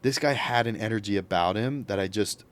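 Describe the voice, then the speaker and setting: A man's voice: fairly low pitch, brisk, a little hiss or hum. A young man, a podcast guest, telling a story casually and acting out what others said. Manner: animated, acts out quotes.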